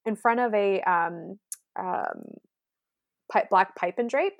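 A woman in her thirties, a wedding planner chatting casually on a podcast, telling a story with lively acted-out quotes. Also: mid-range voice, takes it slowly, creaky. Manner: animated storyteller who acts out quotes.

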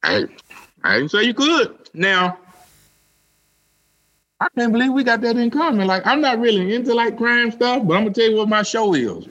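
A man, co-hosting a podcast in casual chat and telling animated stories. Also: very high voice, moderate pace, pauses often, lo-fi sound. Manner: animated storyteller, repeats "let me tell you something". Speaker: podcast co-host.

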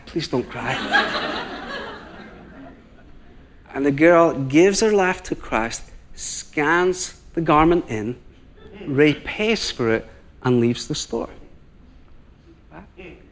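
Northern Irish man preaching, storytelling. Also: on the high side. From Northern Ireland. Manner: animated storyteller, acts out the people he quotes. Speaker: guest preacher. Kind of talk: sermon with storytelling.

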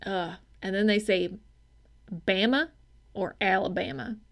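A woman's voice: medium pitch, measured pace, vocal fry. Blunt, profane woman podcast co-host. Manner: blunt, profane, chatty with hedging fillers. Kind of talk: casual movie-review banter.

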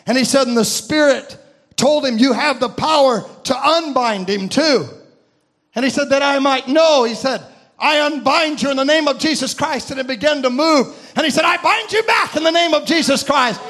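This sermon comes from a man with a very high, ringing voice who shouts passionately as his story builds, while some lines are slowed way down to give them weight.

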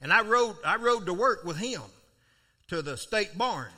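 An older man preaching, telling a folksy story from his own life, with sudden loud outbursts. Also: high voice, expressive, unhurried. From South Florida. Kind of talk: storytelling sermon.

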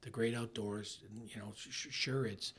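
A middle-aged man in a casual interview, talking in halting bursts with many restarts and trailing off softly. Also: fairly low pitch, steady tone, slight background noise. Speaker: ski resort marketing executive, guest.

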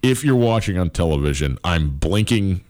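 A middle-aged man hosts a sports show in a low voice. He rambles with plenty of fillers and restarts, and his nose is stuffed up from allergies. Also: expressive, normal speed, darkish tone. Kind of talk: casual sports talk.

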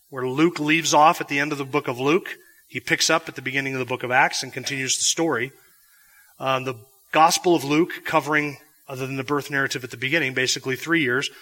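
A man's voice: mid-range voice, sharp tone. A man teaching a Bible class in a classroom or church hall, explaining patiently with frequent restarts. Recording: long hall reverb.

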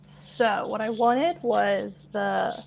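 A woman playing in a tabletop game over an online call, describing her ideas haltingly and searching for words. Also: medium pitch, vocal fry, slight background noise. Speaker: player. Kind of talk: casual tabletop play.

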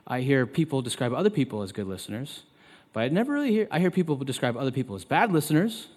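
A man in his thirties preaching a sermon as pastor, turning loud and emphatic when he quotes scripture. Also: sing-song, quick pace, breathy edge. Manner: emphatic, loud and high when quoting God. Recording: long reverb of a large hall.

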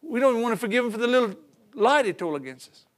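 A middle-aged man, preaching a sermon in a folksy, animated storytelling way. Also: very high-pitched, fast talker.

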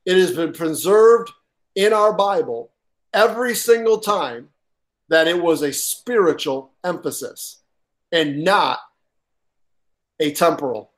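A man preaching a sermon as pastor, stressing points with pauses for effect, repeating key lines and often filling gaps with "uh". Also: on the high side. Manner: halting with frequent uh fillers.

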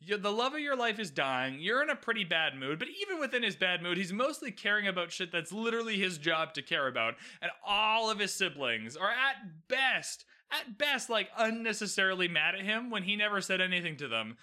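Animated, swearing male TV recapper. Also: sits high, fairly quick, few pauses. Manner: swearing, emphatic, opinionated ranting. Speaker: TV recap host. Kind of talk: casual recap commentary.

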